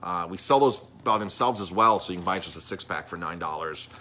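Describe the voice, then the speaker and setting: A man's voice: low voice, a little fast, bright, forceful tone, slight background noise. A middle-aged man, a chef and restaurant owner talking casually on a live stream, rambling with lots of ums and restarts.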